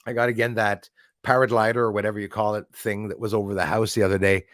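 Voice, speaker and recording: A man's voice: fairly low pitch, little pitch movement, fast, fairly bright tone, no room sound, clean studio sound. A man hosting a casual live stream, rambling as he reads out and thanks viewers in the chat. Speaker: livestream host.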